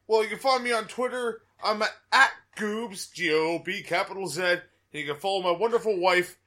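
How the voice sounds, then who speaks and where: A man guests on a casual podcast, cracking crude jokes and promoting with loud bravado. His voice sits high and sounds bright. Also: moderate pace. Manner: crude, joking, hype-man bluster. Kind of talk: casual chat.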